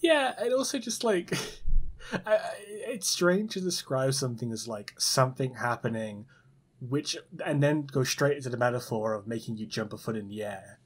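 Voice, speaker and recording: A man's voice: medium pitch, normal speed, slightly rough. A British man co-hosting a podcast, giving dry, wry comments in casual chat. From Britain. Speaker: podcast co-host.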